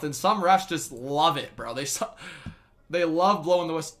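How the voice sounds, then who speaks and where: A young man calling a hockey game play by play from a live stream, laughing often and shouting when the action heats up. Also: a little high, normal speed. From Canada. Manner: laughs often, bursts into loud excited shouts on big plays. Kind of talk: live fan play-by-play commentary.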